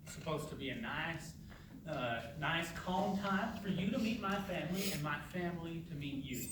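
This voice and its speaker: A man plays an embarrassed grown son in an indie short film. He hesitates and stumbles over his words. His slightly high voice sounds distant, with heavy room echo and background noise. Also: animated, normal speed, natural voice. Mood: awkward. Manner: hesitant, full of uhs, bursts out when pushed. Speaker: grown son at a family dinner. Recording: echoey room, mic from afar, noisy.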